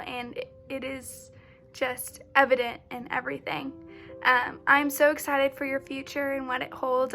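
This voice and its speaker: A woman's voice: high voice, sharp tone. A young woman giving a gushing, affectionate recorded tribute to a close friend. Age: young adult. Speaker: college student giving a tribute.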